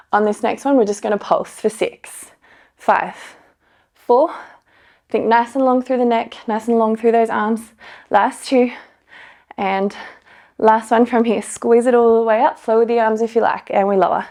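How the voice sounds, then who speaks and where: Pitched on the high side, her voice is gravelly and a little mellow. Slightly breathless, this young pilates instructor leads her class, cheerfully coaching and counting down the reps with light laughs.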